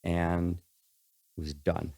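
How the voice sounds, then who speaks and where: An older man, a podcast guest, telling rambling stories in a casual, animated way. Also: low voice, takes it slowly, creaky. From United States. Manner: rambling, animated anecdotes with acted quotes. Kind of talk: casual storytelling.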